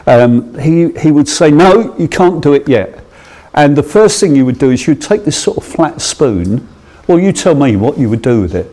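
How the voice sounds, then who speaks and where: A man's voice: mid-range voice, big pitch swings, moderate pace, mellow. A middle-aged man from England giving an informal sermon, telling a school memory with hesitant restarts, chuckles and growing enthusiasm. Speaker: preacher. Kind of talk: anecdotal sermon.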